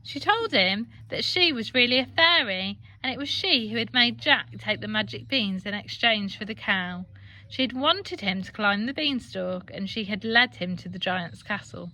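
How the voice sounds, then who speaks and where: An English woman teacher reading a children's storybook aloud with expressive, animated delivery. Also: mid-range voice, normal speed.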